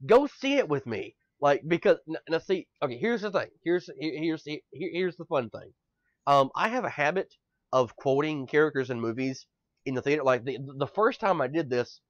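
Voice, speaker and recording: A man co-hosting a casual podcast chat, excitable and rambling, swearing often and swinging between quiet and loud. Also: fairly high pitch, no echo. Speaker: podcast co-host. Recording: dull lo-fi podcast mic.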